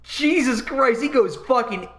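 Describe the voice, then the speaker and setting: Host, male, high-pitched, excitable, swears a lot, loose podcast banter. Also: a little slow. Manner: excitable, swears freely, laughs often. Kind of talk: casual chat.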